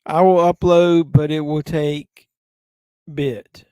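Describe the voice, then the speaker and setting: A man's voice: fairly high pitch, fairly even intonation, slow pace, warm tone, clean tone, dry recording. A man hosting a live stream, tipsy from drinking, chatting casually and profanely with viewers while watching a movie. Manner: rambling, profane, answers chat messages.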